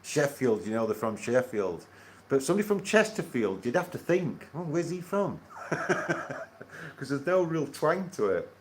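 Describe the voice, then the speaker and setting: A man hosting a casual astronomy livestream, rambling and halting with many fillers and chuckles. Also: mid-range voice, sing-song, slight background noise.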